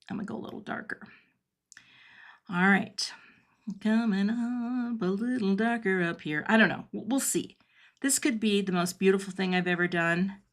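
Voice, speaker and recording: A woman's voice: mid-range voice, a bit bright. Chatty middle-aged woman crafting live. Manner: chatty, thinks aloud while working, answers viewer comments. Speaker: card-making livestream host. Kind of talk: casual crafting livestream chat. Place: home craft studio.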